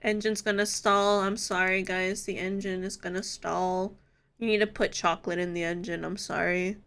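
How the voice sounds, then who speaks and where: A woman's voice: mid-range voice, level tone, normal speed, a bit bright, clean tone. A woman live-streaming in casual chat, playful and giggly, swearing freely.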